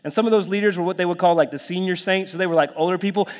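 A fairly high-voiced man preaches a sermon in a big, reverberant church hall. His delivery is conversational and animated, full of asides to the congregation, sudden whispers and bursts of excitement. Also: rapid-fire. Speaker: pastor.

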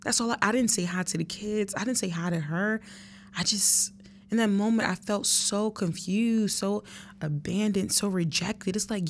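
A woman's voice: mid-range voice, moderate pace, slight background noise. A woman in her thirties, hosting her podcast, tells a personal story in an earnest, emotional way and speaks straight to her listeners. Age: 30s. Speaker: podcast host.

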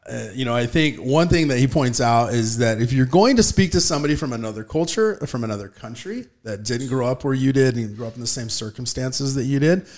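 A man in the host's chair, talking through a book in a relaxed, conversational way. He slips easily into personal anecdotes and gets animated as he tells them. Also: medium pitch. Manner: chatty storyteller, animated when telling anecdotes. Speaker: podcast host. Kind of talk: casual book discussion.

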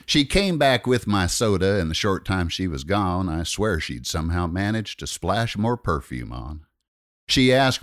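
A man with a low voice reciting a rhyming story poem in a wry, rhythmic cadence. His pitch moves in wide, lively swings. The sound is close and dry, with no room echo. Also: unhurried.

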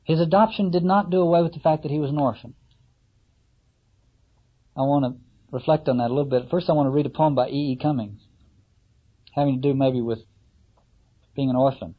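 Husky, musing male lecturer. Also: a little high. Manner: musing, with halting restarts and rhetorical questions. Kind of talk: reflective lecture on a novel. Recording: slightly muffled lo-fi recording.

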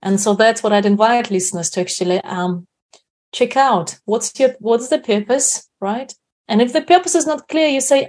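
A woman's voice: fairly high pitch, normal speed, darkish tone. A woman guest on a podcast, reflectively explaining a self-help practice and often checking in with 'right?'. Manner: reflective, often adds 'right?' tag questions.

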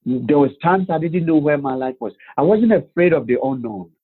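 A man telling his life story as a guest, animated, with rhetorical questions and acted-out quotes. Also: fairly high pitch, moderate pace, slightly rough. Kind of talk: personal storytelling. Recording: phone-like narrow band.

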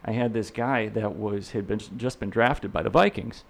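A middle-aged man with a fairly low-pitched voice speaks at normal speed. He's a real estate instructor guesting on an interview, telling meandering stories full of fillers and restarts while acting out whoever he's quoting.

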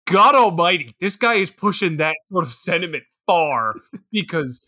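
A man's voice: high voice, big pitch swings, moderate pace, bright, forceful tone, no echo, studio quality. A man co-hosting a podcast in casual comedic chat, laughing often and swearing freely. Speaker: podcast co-host.

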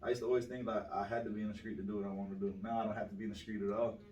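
A man's voice: fairly low pitch, level tone, racing, darkish tone. A young man from South Florida, a guest telling stories in a slangy, swaggering casual interview. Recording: roomy, distant mic with faint ambience.

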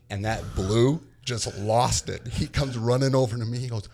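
A man who is a parent and youth baseball coach, telling stories in a casual chat, animated and repeating his words as he acts out quotes. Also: medium pitch, moderate pace, hardly any pauses.

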